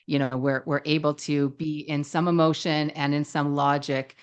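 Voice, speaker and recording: A woman psychologist with a notably low voice talks through ideas thoughtfully. She often affirms her co-host and explains things at an even pace. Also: moderate pace, smooth. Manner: thoughtful, affirming, frequent agreeing. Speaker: relationship psychologist, podcast co-host. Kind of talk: conversational podcast discussion.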